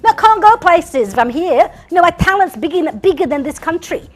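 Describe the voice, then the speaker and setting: A tough, mouthy young city girl, as a woman puts her on, loud and brassy, pitched up high and full of attitude. She fires off slangy complaints in a comic sketch voice. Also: expressive, brisk, soft background music. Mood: indignant.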